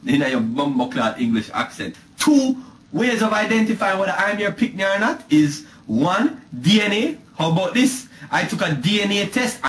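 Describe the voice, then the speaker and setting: A man with a Jamaican accent delivering a mocking, animated comic rant to a webcam. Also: high voice, normal speed, a little hiss or hum. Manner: animated, mocking, drifting into sing-song. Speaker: comedy vlogger. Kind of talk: ranting comic monologue to camera. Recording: echoey room with faint music.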